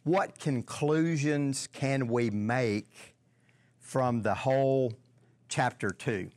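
Slow, halting man teaching the Bible. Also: medium pitch, a little mellow. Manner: halting, repeats words, asks the audience questions.

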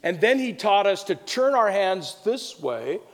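Animated high-voiced man preaching. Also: a little slow. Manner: animated, exuberant, repeats words in bursts. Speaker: pastor. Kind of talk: sermon. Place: church sanctuary. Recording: long reverb of a large room.

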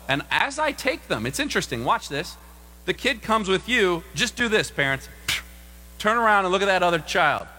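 Animated preacher man, high bright voice. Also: moderate pace. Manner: animated, acts out quoted voices with big pitch jumps. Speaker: pastor. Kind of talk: sermon. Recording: long reverb of a large room.

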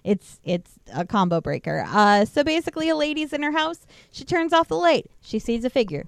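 A woman co-hosting a podcast in casual chat, wry and quick to laugh, summing things up in clipped bits. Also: high-pitched, big pitch swings, creaky, clear, resonant tone, dry recording, clean studio sound. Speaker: podcast co-host.

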